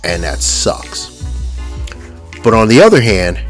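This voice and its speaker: Low slow-talking guy, cussing and joking around, casual vlog rant. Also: sing-song, soft background music. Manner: profane, mocking, with lots of fillers and restarts. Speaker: toy collecting vlogger.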